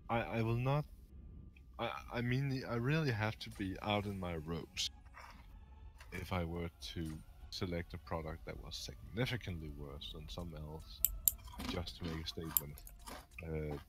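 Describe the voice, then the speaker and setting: A man co-hosting a casual chat, wordy and hedging, who breaks into loud laughter. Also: low-pitched, fairly even intonation, unhurried. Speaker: podcast co-host.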